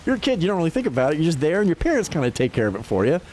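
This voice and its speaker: A man's voice: fairly high pitch, quick pace, slight background noise. A man in his fifties chatting casually as a livestreamer, swearing freely and laughing often. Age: 50s. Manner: animated, profane, laughs often. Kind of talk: casual chat.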